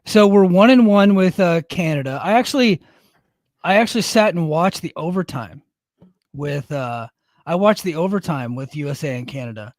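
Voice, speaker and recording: A man's voice: on the high side, lively intonation, moderate pace, no echo, studio quality. A man co-hosting a podcast in casual chat, easygoing and reading out chat names. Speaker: podcast co-host; Air Force service member in leadership.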